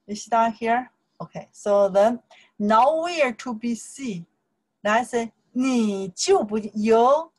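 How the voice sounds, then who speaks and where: A woman's voice: on the high side, lively intonation, slow, a little mellow, poor audio. A woman with a Chinese accent, a native Chinese speaker teaching a language lesson in simple English, explaining grammar and repeating phrases.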